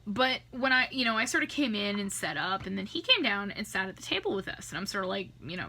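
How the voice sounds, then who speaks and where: A woman's voice: medium pitch, big pitch swings, fast talker, hardly any pauses, bright, forceful tone. A tipsy young woman, a makeup artist, telling a rambling, profane story in a casual way and laughing often. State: tipsy from drinking.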